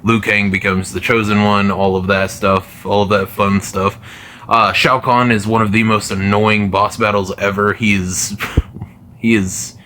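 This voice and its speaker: A man's voice: on the low side, fairly bright tone, slight background noise. A man giving casual gaming commentary to his channel, rambling with many fillers and restarts. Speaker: gaming video creator.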